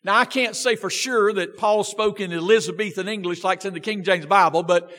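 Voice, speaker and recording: Preacher, high voice, church reverb. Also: male voice, a little fast, sharp tone. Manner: emphatic, reads scripture with feeling, rhetorical questions. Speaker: pastor. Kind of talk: sermon with scripture reading. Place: church sanctuary. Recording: long church-hall reverb.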